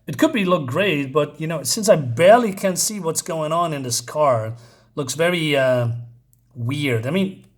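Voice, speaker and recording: A man's voice: a little high, animated, a little slow. A man giving a casual, rambling spoken comic book review, full of fillers and restarts.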